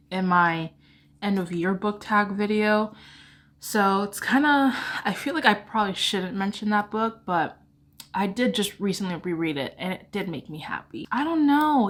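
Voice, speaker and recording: A woman talks casually into a camera indoors, chatting as a book vlogger. She rambles, giggles and pokes fun at herself. Her voice sits at an ordinary middle pitch. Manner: rambling, self-deprecating, giggly. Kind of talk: casual chat.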